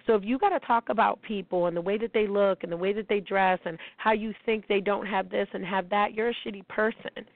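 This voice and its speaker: A woman's voice: mid-range voice, fairly even intonation, fairly quick, few pauses, dry recording. A woman hosting a podcast, delivering a blunt, heated, profane monologue. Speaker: podcast host. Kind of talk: emotional monologue. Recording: tinny phone-like sound.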